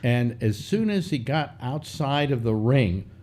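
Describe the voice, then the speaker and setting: Older guy host, mellow dark voice, rambles and loses the thread, lots of uhs. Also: medium pitch, expressive, a little slow. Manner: meandering, restarts, mock voices in anecdotes. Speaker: show host. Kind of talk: casual rambling chat.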